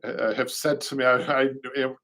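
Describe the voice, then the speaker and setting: A man's voice: mid-range voice, fairly even intonation, moderate pace, pushed and bright. A middle-aged man with a Boston accent hosts a live show in casual chat, rambling and reading viewer comments aloud. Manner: rambling, repeats words, reads comments aloud. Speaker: show host, upholsterer.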